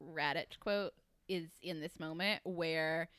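A woman from Kentucky, a guest author chatting on a podcast, animated and quick to act out characters' lines. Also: deep voice, clear, resonant tone, no room sound. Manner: animated, acts out characters' lines, many fillers. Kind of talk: casual podcast chat.

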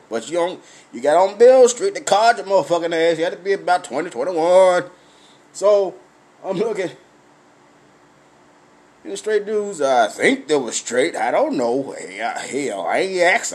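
A man delivers a blunt, swear-filled comic rant. His voice sits high for a man, and he keeps it animated, breaking into laughs as he tells his story.

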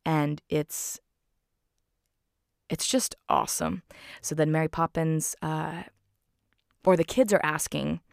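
A woman's voice: low-pitched, steady tone, slow pace, creaky, pauses often, dry recording, clean studio sound. A woman recapping a film in a casual, enthusiastic way, full of fillers and "like".

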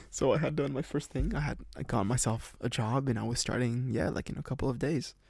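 A man's voice: mid-range voice, fairly quick, creaky, darkish tone, husky, no echo, clean studio sound. A man in his twenties casually telling a personal story on a podcast, rambling with lots of fillers. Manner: rambling, many fillers and restarts. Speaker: podcast host.

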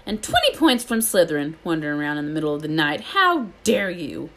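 Woman doing a strict old teacher yelling at a kid, sharp, storybook, bit of hiss. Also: low-pitched, very animated, a little fast, full character voice. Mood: furious. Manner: sharp, scolding, shouting. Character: stern older woman teacher, furious.

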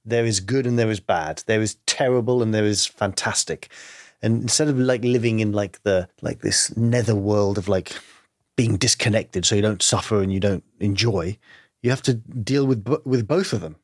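A man's voice: on the low side, moderate pace, no room sound, clean studio sound. A man speaking as an interview guest, reflective and earnest, thinking aloud with many "you know" and "like" fillers. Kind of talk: candid conversational interview.

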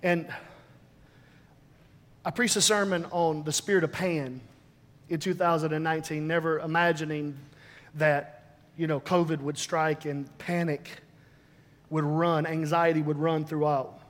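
A man's voice: a little high, flat delivery, a little slow, pauses often. A man pastor delivering a sermon, emphatic and full of repeated phrases. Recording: long reverb of a large hall.

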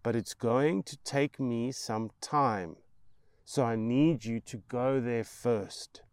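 A man's voice: medium pitch, slow pace, a little mellow, clear, resonant tone, dry recording. A man voicing a distraught mother who pleads and then screams frantically. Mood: desperate. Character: desperate distraught mother, breaking into shrieks.

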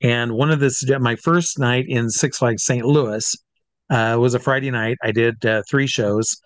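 Brief: middle-aged male showman recounting a story with lively acted asides, mid-range voice, dry recording. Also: medium pitch, a little slow, no echo. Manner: animated, acts out voices in his stories. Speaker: comedy stage hypnotist. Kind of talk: storytelling in an interview.

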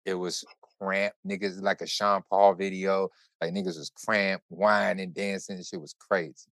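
Deep-voiced man telling a profane story. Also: moderate pace, no echo. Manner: animated, profane, run-on storytelling. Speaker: podcast host. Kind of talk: casual storytelling chat.

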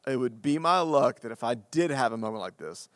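A man who is a pastor and podcast co-host, telling a story in casual conversation, animated and self-deprecating as he acts out what people said. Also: mid-range voice, a little fast, no room sound, clean studio sound.

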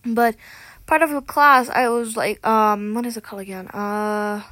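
A teenage girl vlogger rants casually to camera in a slightly high, bright, forceful voice with a steady tone and measured pace. She's chatty, dramatic and sarcastic, often correcting herself mid-sentence, and the tablet-mic recording has no echo.

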